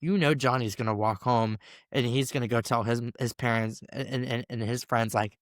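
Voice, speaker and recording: Young male teacher, twenties, conversational storyteller who acts out quotes; mid pitch, dry close sound. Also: moderate pace, no echo. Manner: animated, quotes people in voices. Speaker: first-year band teacher, guest. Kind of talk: casual interview storytelling.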